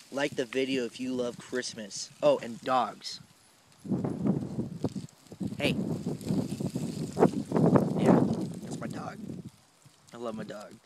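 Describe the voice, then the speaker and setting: A young man chatting casually to camera in a park, rambling with lots of fillers in an easygoing way. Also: medium pitch. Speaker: vlogger. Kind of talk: casual vlog chat. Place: outdoors in a park. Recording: loud outdoor noise on a camera mic.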